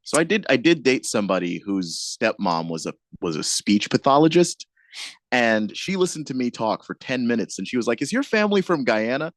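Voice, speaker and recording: A male radio co-host in casual chat, easygoing and quick to laugh. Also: medium pitch, very animated, dry recording, studio quality.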